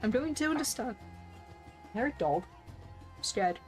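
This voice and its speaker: A woman's voice: fairly high pitch, animated, moderate pace, a little mellow, faint music behind. A woman streaming a game, chatting playfully with viewers and reading character lines aloud with lots of laughter.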